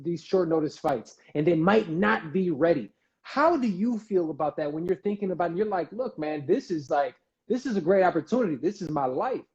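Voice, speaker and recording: A man's voice: sits high, darkish tone, muffled recording. A man hosting a casual live-stream interview, talking loosely with slang and repeated words. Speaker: interview host. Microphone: video call.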